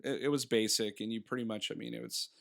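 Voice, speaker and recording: In his thirties, this man co-hosts a podcast and rambles casually through a movie review, laughing often and performing bits of dialogue. He talks fast in a medium-pitched, creaky voice with a fairly bright tone and fairly even intonation.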